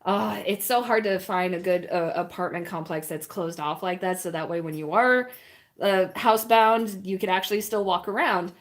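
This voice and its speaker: A woman in mid-pitch chats with her stream viewers while she paints at home. Her talk rambles from thought to thought, with easy laughs and soft baby talk to the dogs. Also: moderate pace. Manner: chatty and rambling, often laughing and cooing to puppies. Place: indoors at a home.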